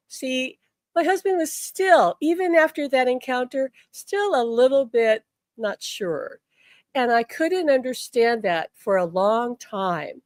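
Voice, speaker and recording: An older woman, a spiritual teacher, tells a personal story on a live stream in a chatty, animated way, often repeating words and saying "like". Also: high voice, unhurried, dry recording. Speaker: spiritual healer and angel teacher.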